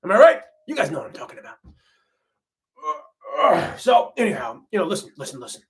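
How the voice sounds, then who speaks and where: A man's voice: sits high, wildly swooping pitch, a little fast, heavily acted. A man playing a folksy, laid-back grandmother on a comedic parody livestream, rambling and repeating himself. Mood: gossipy. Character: folksy middle-aged grandmother reality-TV wife, laid-back. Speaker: livestream host.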